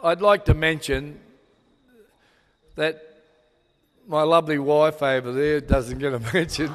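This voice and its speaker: A man's voice: fairly high pitch, fairly even intonation, measured pace, crowd noise. An older man with an Australian accent giving a rambling, sentimental father-of-the-bride speech, full of fillers and restarts. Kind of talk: wedding speech. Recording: long hall reverb.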